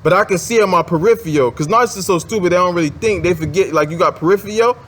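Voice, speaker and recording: A man's voice: sits high, fast talker. A man telling a personal story in a casual, rambling monologue, with many fillers and restarts. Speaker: advice vlogger.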